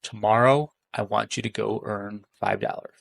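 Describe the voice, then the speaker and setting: Father in a told story, firm and plain, a man doing the voice in his own gravelly register. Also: fairly low pitch, steady tone, moderate pace, a bit bright. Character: stern but loving father.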